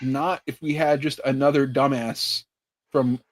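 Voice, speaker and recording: A man co-hosting a podcast, delivering sarcastic, deadpan hot takes in casual banter. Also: mid-range voice, a little slow, slight background noise. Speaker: podcast co-host.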